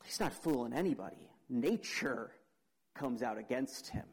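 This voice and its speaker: A young man preaching a sermon, dramatic, asking the audience questions and swinging between loud emphasis and quiet. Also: medium pitch, expressive, unhurried, husky, poor audio.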